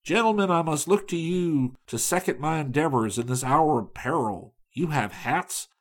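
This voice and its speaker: A man voicing a commanding male raft captain who shouts his orders. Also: on the high side, lively intonation, normal speed, pitched above the performer's own voice. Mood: urgent. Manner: barked commands, loud and raised.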